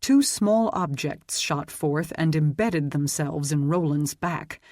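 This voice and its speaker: An audiobook narrator reading a dark fantasy story in a steady, even storytelling manner. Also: mid-range voice, takes it slowly, no room sound, studio quality. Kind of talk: scripted narration.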